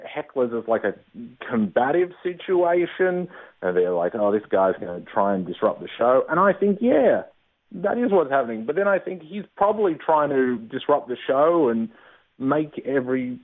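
A man, a stand-up comedian chatting in an interview, self-mocking and quick to laugh. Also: on the high side. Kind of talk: casual interview answers. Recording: tinny phone-line sound.

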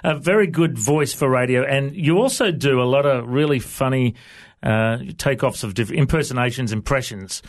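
A man's voice: mid-range voice, moderate pace. A man hosting a radio interview, prompting his guest in a friendly way. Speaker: radio host.

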